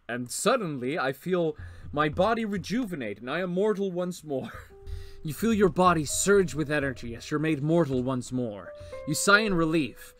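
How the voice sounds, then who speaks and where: A man streaming himself reading an AI text adventure aloud, with animated comic asides. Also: a little high, normal speed, soft background music. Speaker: streamer reading an AI story game.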